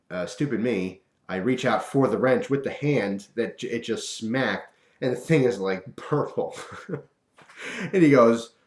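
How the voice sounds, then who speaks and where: A man casually telling a personal story to camera, animated and chuckling, acting out the voices of the people in it. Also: fairly low pitch. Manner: animated, acts out quoted voices, chuckles often. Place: room at home. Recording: roomy echo.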